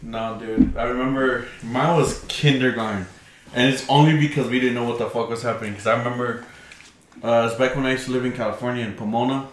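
A young man chats on a podcast, telling stories full of swearing and laughter. His voice sits at an ordinary middle pitch, and the room echoes around him. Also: fairly even intonation, fairly quick, a little hiss or hum. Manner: profane, laughing storyteller. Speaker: podcast co-host. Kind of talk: casual chat.

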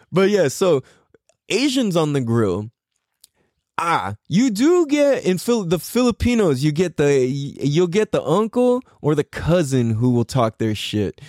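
Brief: male podcast host, lively up-and-down pitch, slangy and profane, close dry sound. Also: slow, no echo. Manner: animated, laughs often, swears freely, slangy. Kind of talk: casual comedic monologue.

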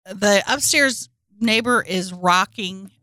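A woman's voice: medium pitch, takes it slowly, no echo, clean studio sound. A young woman co-hosting a casual chat, playful and jokey. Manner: playful, jokey, bursts into silly shouts.

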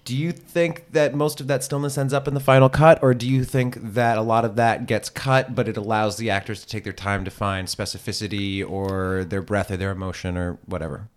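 Low-voiced man hosting an interview. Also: little pitch movement, brisk, few pauses. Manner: probing, summarizes the guest's points. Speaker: podcast host. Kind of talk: interviewing, guiding questions.

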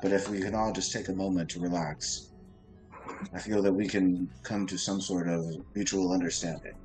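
A man's voice: deep voice, flat delivery, normal speed, darkish tone, faint music behind, natural voice, poor audio. A man voicing a polite talking cat that speaks formally and soothingly in a tabletop game. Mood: diplomatic. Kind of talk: tabletop role-play.

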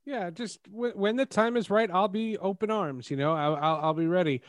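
A man's voice: high voice, normal speed, no room sound. A man co-hosting a sports podcast, rambling and emphatic. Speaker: podcast co-host. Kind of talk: casual sports chat.

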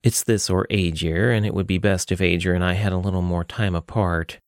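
A man voicing a sharp-tongued, sarcastic young woman who leads an adventurers' guild. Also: low-pitched, fairly even intonation, fairly quick, dry recording, clean studio sound. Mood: wry. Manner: sarcastic, blunt.

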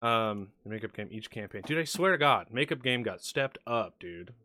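A man's voice: fairly low pitch, lively intonation, moderate pace, bright, forceful tone, no room sound, studio quality. A man running a casual streamed tabletop game as game master, loose and chatty with lots of ums and casual swearing.

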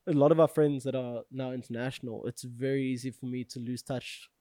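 A man's voice: mid-range voice, fairly even intonation, brisk, dark tone, dry recording, studio quality. A young man in his twenties chatting casually as a podcast co-host, rambling with lots of fillers and casual swearing. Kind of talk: casual chat.

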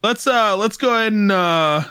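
A man's voice: sits high, moderate pace, sharp tone, clear, resonant tone, no echo, clean studio sound. A man co-hosting a podcast, chatting easily about songs and introducing the next tracks. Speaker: podcast co-host. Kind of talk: casual music review chat.

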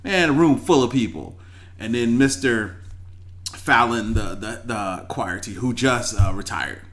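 A man's voice: medium pitch, unhurried. A man in casual chat, telling a personal story and acting out the voices of the people in it. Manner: lively storyteller, acts out quoted voices.

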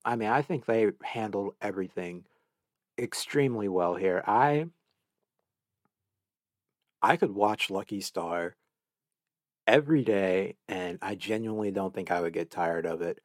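A low-pitched man hosts a solo podcast and gushes about a show he loves. He restarts his sentences often, repeating words as he talks. His voice sounds dry and close, with no room sound. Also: measured pace, pauses often, dry recording. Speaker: podcast host. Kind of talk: solo anime review podcast.

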